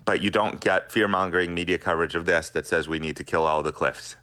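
A man's voice: deep voice, fast, pushed and bright. A middle-aged man, a scientist guest on a radio interview, explaining earnestly.

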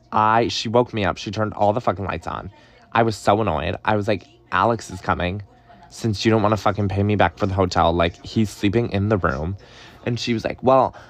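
A young man telling a story in a casual, gossipy way, swearing and dramatic. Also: on the low side. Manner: gossipy, profane, dramatic retelling. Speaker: podcast host.

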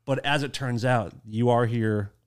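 A man's voice: medium pitch, measured pace, smooth. A man hosting a casual podcast chat, teasing his guests and laughing often. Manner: animated, teasing, laughs a lot. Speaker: podcast host.

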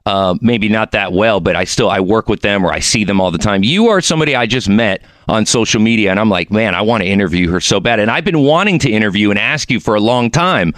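A man's voice: on the low side, lively intonation, brisk, few pauses, a bit bright, dry recording. A man in his forties, from Mexico, hosting a casual podcast interview in a chatty, rambling way with many restarts. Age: 40s. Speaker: podcast host. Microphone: podcast mic.

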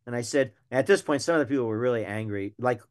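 Older man, a mid-pitched, animated guest storyteller. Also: fast. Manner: animated anecdotal storyteller, emphatic. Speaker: retired wildlife biologist guest. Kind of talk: storytelling in a podcast interview.

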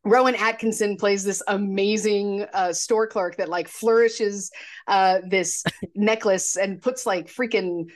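A woman's voice: mid-range voice, measured pace. A woman co-hosting a podcast, retelling movie scenes in casual chat and acting out the characters' lines. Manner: animated storyteller, acts out quotes. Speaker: podcast co-host.

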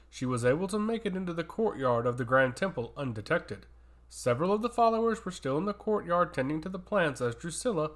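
A man narrates a fantasy story in a dramatic storytelling style. His voice sits a little high. It rises and falls widely as he reads. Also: fairly bright tone.

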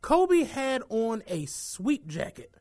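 Animated high-voiced Philly guy. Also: takes it slowly. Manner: excitable, profane, laughs mid-story. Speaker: podcast co-host. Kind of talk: casual chat, animated storytelling.

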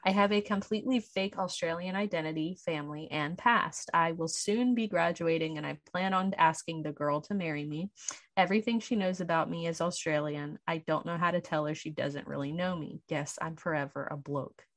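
A woman's voice: deep voice, a little fast, no room sound. A young woman co-hosting a casual chat, reading confessions aloud, swearing freely and laughing often. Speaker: podcast co-host.

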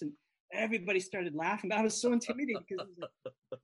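A man with a high, husky voice tells stories in an easy, chatty way. He keeps slipping into quick impressions of the people he describes. The talk stays loose and lively throughout. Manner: animated anecdote telling with quoted voices. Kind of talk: casual chat.

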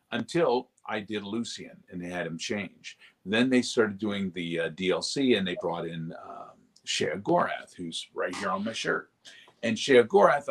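Husky, animated male voice actor. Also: lowish voice. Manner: animated, slips into character voices. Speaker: voice actor, guest. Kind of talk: casual interview talk.

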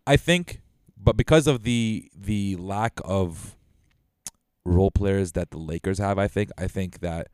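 A young man co-hosting a sports podcast, relaxed and agreeable, dropping bro and man into casual talk. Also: low voice, a little slow, clear, resonant tone, no room sound, studio quality. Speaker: podcast co-host.

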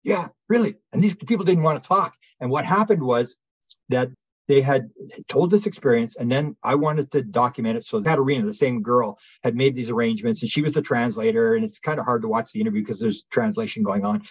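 A man with a husky, breathy voice recounts a story as an interview guest, animated and full of restarts. The sound is dry and close, with a slightly dull, lo-fi tone. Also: mid-range voice, a little fast, dry recording. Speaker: guest researcher.

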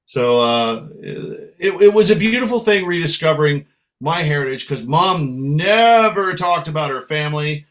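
A middle-aged American man, a musician guest, spins stories in a relaxed chatty way. His voice sits a little high for a man and swings widely in pitch as he goes. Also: measured pace. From United States. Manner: animated storyteller slipping into Irish brogue for quotes. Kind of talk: casual storytelling chat.

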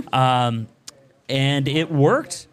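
A man's voice: medium pitch, very animated, extremely slow. A man guesting on a podcast who tells crude stories animatedly and laughs mid-sentence. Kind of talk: casual crude storytelling.

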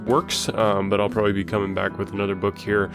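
A podcast host with a fairly low voice wraps up the episode, relaxed and loosely rambling. Clear guitar music plays under him the whole time. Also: male voice, fast. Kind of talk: casual outro.

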